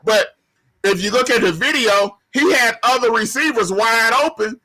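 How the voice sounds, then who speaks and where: A man's voice: very high voice, normal speed, bright, forceful tone. A man arguing football on a sports talk panel, emphatic and colloquial, often repeating himself. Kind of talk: heated sports debate.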